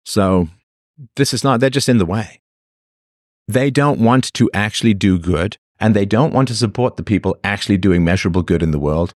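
A man's voice: fairly low pitch, animated, moderate pace, dry recording, studio quality. A man hosting a livestream, delivering an opinionated monologue to his chat in a sarcastic, mocking way. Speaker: livestream host.

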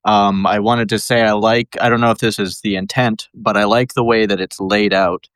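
Male caller, lowish voice, dry sound, halting and full of fillers. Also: steady tone, fairly bright tone, clean tone, dry recording. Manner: hesitant, many ums and uhs. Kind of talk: call-in conversation.

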